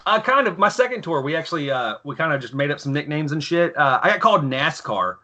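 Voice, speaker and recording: Podcast guest, thirties, man; crude, lively storytelling; bright, pushed tone. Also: fairly high pitch, brisk. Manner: profane, animated, acts out yelling officers in his stories. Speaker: podcast guest, former Marine and author. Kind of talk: casual storytelling.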